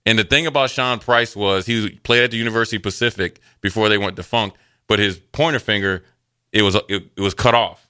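Bright-voiced man telling football stories. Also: lowish voice, clear, resonant tone. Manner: animated storyteller, acts out quotes, loose and chatty. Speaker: sports radio co-host, former NFL player. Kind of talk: casual sports talk storytelling.

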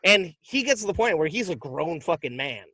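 A man's voice: fairly high pitch, brisk, husky, dry recording. Man retelling a movie in a dry, close sound. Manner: animated, profane storytelling. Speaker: podcast co-host. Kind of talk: casual chat, retelling a movie plot.

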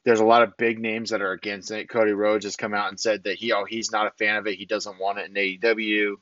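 A man's voice: lowish voice, fast, dry recording, highs cut off. A man co-hosting a podcast, casually recapping a wrestling show and acting out what the wrestlers said. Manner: animated recapping, acts out quotes. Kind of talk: casual chat.

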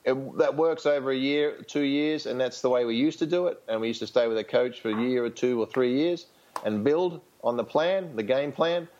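A man's voice: mid-range voice, normal speed, a little mellow, muffled recording, slight background noise. Frank Australian man, rambling coach talk. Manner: frank, rambling, many fillers and restarts. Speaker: tennis coach, interview guest. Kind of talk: casual interview storytelling.

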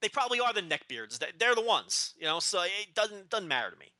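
A man co-hosting a podcast in casual chat, ranting loudly and combatively. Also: sits high, very animated, quick pace, dry recording. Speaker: podcast co-host.

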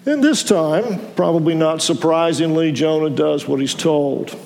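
A man pastor delivering a sermon in a measured preaching manner, with halting restarts. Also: a little high, vocal fry, a little mellow, in a large hall.

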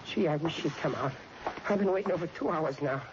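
A man's voice: fairly high pitch, brisk, loud music behind the voice, lightly acted. An actor playing a shy, clumsy, lovestruck teenage boy who stammers awkwardly, in a 1940s radio sitcom. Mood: bashful. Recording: dull hissy old radio recording.

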